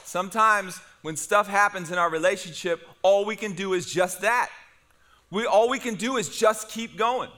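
A middle-aged man preaching to his congregation, telling a funny story with energy. His voice sits high and rings out bright and forceful. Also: moderate pace. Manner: animated storytelling with humor. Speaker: pastor. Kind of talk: sermon.

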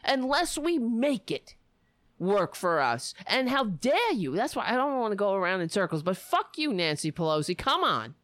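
A woman's voice: mid-range voice, sing-song, normal speed, fairly bright tone, dry recording. Furious profane woman ranting. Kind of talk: angry political rant.

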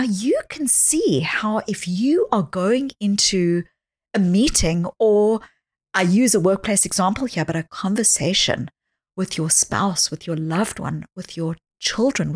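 A woman speaking as a psychologist guest on a podcast interview, explaining ideas earnestly and dropping to a soft voice when she acts out quoted speech. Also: mid-range voice, a little slow.

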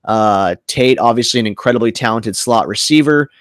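A man hosting a casual sports podcast, laid-back and joking, with plenty of fillers as he talks. His voice sits at an ordinary middle pitch. The recording is dry and close, with no echo. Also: moderate pace, smooth. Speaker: podcast host.

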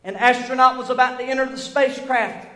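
Pastor preaching, very high voice, goes fervent and shouty, big echoey church. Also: male voice, steady tone, fairly quick. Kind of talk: sermon. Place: church sanctuary.

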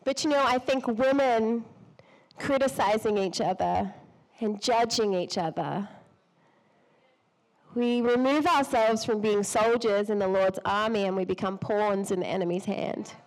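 A woman's voice: medium pitch, a little slow, low-quality recording. A woman with a cold, preaching to women in a chatty, self-deprecating way, laughing often and sometimes losing her thread. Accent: a noticeable non-local accent. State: has a cold. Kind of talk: sermon.

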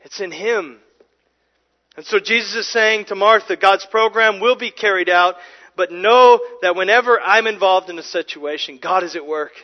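A man's voice: sits high, normal speed, muffled recording. A man preaching a sermon as pastor, earnest and emphatic, often restarting and repeating words.

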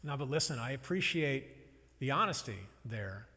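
A male pastor delivers his sermon in a conversational, wry and reflective manner. His voice sits at a middle pitch, and a long hall reverb trails each phrase. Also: animated, normal speed, pushed and bright.

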